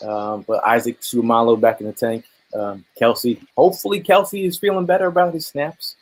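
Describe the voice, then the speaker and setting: A man's voice: mid-range voice, fairly even intonation, normal speed, low-quality recording. A man hosting a casual live sports chat, laid-back and joking. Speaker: podcast host.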